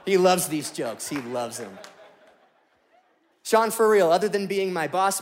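A man's voice: high-pitched, measured pace, pauses often. A man in his twenties preaching a sermon to a church, telling funny personal stories and acting out what people said. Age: 20s. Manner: animated, joking, acts out quotes. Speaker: pastor. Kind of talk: sermon with humorous storytelling.

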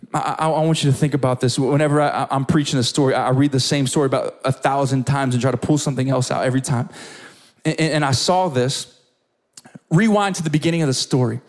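A young man preaching a sermon to young adults, telling a story with lots of energy and stammered repeats. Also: medium pitch.

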